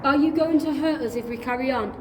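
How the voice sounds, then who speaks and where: A young woman filming and hosting her own exploration vlog, talking softly and unhurriedly to the camera. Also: high-pitched, fast, background noise. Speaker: vlogger. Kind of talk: casual vlog chat. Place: abandoned underground shelter. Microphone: handheld camera.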